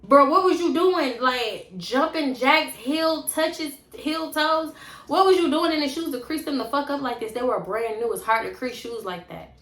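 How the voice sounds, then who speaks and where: A young woman telling a casual storytime vlog in an animated, blunt and profane way. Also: sits high, normal speed. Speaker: storytime vlogger. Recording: roomy echo.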